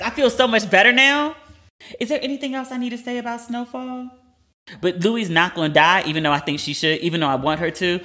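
A woman hosting a podcast, giving a blunt, animated recap of a TV episode in casual chat and swearing freely. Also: low-pitched. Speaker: podcast host.

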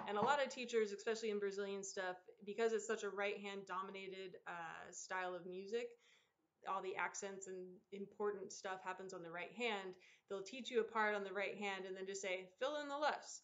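A woman teaching an online drum lesson, explaining patterns in a relaxed, encouraging way and counting aloud. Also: medium pitch, a little hiss or hum. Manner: counts aloud and vocalizes rhythms over drumming. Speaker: percussion teacher. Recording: dull lo-fi sound with loud drumming behind. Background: loud percussion.

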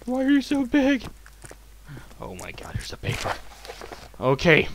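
A young man giving let's play commentary, excitable, swearing and shrieking in fright. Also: very high-pitched, a little slow, gravelly. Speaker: gamer. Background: game music.

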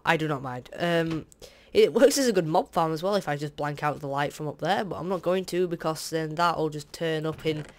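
A young man doing casual, rambling gameplay commentary as a Let's Play host. He is tired, fills the talk with "um"s, and drifts into candid asides. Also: on the high side. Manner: rambling and hesitant, full of fillers, candid asides. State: tired, yawning.

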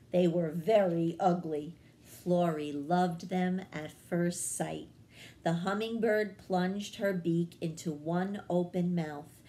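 A woman reading a children's chapter book aloud as a librarian, in a gentle storytelling manner. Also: fairly low pitch.

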